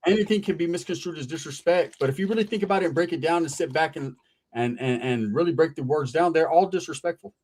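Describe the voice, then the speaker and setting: A man's voice: a little high, fast, darkish tone. A man hosting a live stream in casual chat, laid-back, greeting chat and hyping viewers. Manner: laid-back, reads chat names aloud, hypes viewers.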